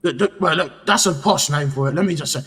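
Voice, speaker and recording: A man's voice: a little high, quick pace, a bit bright, breathy edge, big-room sound, heavily acted. A man playing a brash, chatty male police officer in a game role-play, speaking, rambling and tacking "mate" onto every phrase. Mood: defensive.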